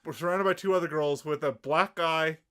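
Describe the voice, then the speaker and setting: Young male co-host, high-pitched and enthusiastic, casual recap chat. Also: a little fast, pushed and bright, clean tone. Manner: enthusiastic, gushes over favorite shots. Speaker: podcast co-host.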